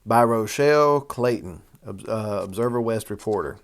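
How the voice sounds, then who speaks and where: A man's voice: on the low side, moderate pace, few pauses. A man, hosting a casual talk show and reading a news article aloud with rambling asides. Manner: folksy, rambling, with y'all and asides. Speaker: host.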